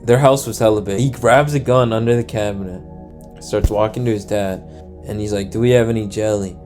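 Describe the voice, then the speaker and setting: A man's voice: fairly low pitch, steady tone, normal speed, darkish tone, soft background music. A young man casually retelling a true crime story, slangy and profane, acting out the people he quotes. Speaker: storyteller host.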